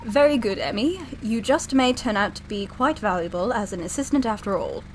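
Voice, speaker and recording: A woman voicing a calm, polite male professor in an attempted British accent, reading game dialogue aloud. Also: mid-range voice, a little fast, a little hiss or hum, close to an everyday voice, low-quality recording. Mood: courteous.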